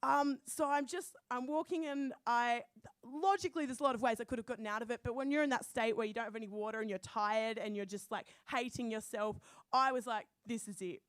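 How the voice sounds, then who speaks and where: A young woman with an Australian accent tells a comic personal story in a lively, profane way. Her voice sits high and the sound is close and dry, with no room around it. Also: brisk, no room sound. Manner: animated, swearing, quoting herself. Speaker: storyteller guest.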